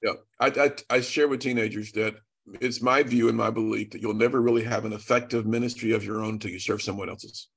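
A man's voice: fairly low pitch, fairly even intonation, brisk, gravelly, breathy edge. A man telling an earnest, dramatic testimony as a guest, acting out the dialogue. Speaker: guest speaker. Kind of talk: storytelling testimony.

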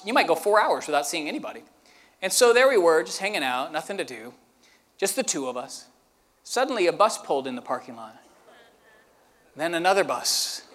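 A man with a very high, bright voice preaching a sermon, rolling into a lively story he acts out with sound effects. His words ring with a long reverb, as if in a big hall. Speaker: pastor.

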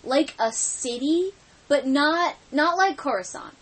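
A woman's voice: sits high, very animated, takes it slowly, a bit bright, poor audio. A woman co-hosting a casual podcast, talking in a rambling, jokey way, a little tired. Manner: rambling, jokey, tired late-night talk. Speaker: podcast co-host. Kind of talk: casual chat.

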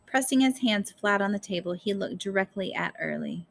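A woman narrating a story aloud in a measured, careful storytelling manner. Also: fairly low pitch, gravelly. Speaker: audiobook narrator. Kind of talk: scripted narration.

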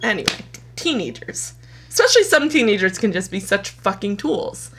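A woman's voice: mid-range voice, big pitch swings, normal speed, fairly bright tone, slight background noise. A young woman co-hosting a podcast, telling a story animatedly in casual chat and swearing a lot. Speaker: podcast co-host.

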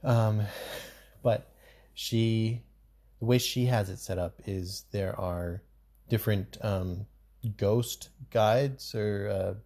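A man's voice: fairly low pitch, creaky, warm tone. A man co-hosting a podcast in casual chat, talking in a loose, rambling way with lots of fillers. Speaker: podcast co-host.

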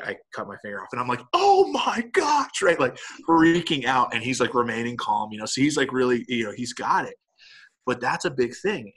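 A middle-aged man with a husky, slightly breathy voice talks in a relaxed conversation. He tells stories with animation and keeps checking in with his listener. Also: mid-range voice. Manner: animated storyteller with many "right?" tags. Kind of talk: casual conversation.

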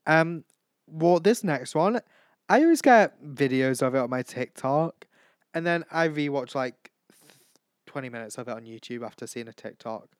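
A man's voice: mid-range voice, expressive, normal speed, no room sound, studio quality. A young man hosting a casual solo chat show, chatty and giggly, often breaking off to apologise. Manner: chatty, giggly, keeps saying sorry. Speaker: podcast host. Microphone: home microphone.

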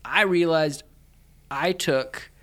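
A man's voice: fairly high pitch, takes it slowly. Young man telling an embarrassing story. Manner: animated, laughs through the telling. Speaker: guest storyteller. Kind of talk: casual storytelling.

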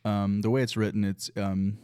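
Male co-host, low-pitched, earnest, self-deprecating, dry close sound. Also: level tone, moderate pace, dark tone, smooth, no echo. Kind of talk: casual chat.

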